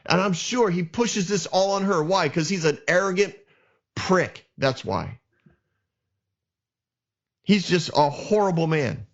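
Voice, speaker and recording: A man's voice: sits high, animated, slow, long pauses, muffled recording. A man hosting a podcast, retelling a Bible story with passionate, indignant commentary and frequent restarts. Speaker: podcast host.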